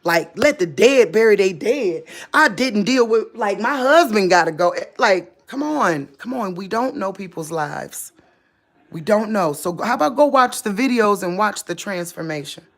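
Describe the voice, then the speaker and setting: A woman's voice: medium pitch, expressive, moderate pace. A woman giving an unscripted spiritual monologue to her viewers in an impassioned, preachy way, speaking straight to them. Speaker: religious vlogger.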